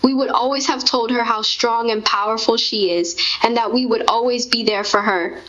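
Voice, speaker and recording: Woman, tender and heartfelt, fairly high voice, dull lo-fi sound. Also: fairly even intonation, normal speed, a bit bright. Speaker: grieving mother. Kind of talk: intimate spoken conversation. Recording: dull lo-fi recording.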